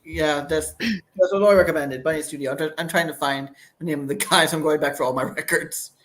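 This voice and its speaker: A man's voice: a little high, steady tone, brisk, fairly bright tone. A man in his thirties, a guest chatting casually about his project, rambling and restarting his sentences. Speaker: guest, campaign creator. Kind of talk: casual chat.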